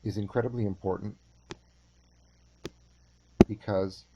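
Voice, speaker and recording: A man teaching a course, lecturing and telling a story in a measured, unhurried way with halting restarts. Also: on the low side, fairly even intonation, heavy background noise. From California.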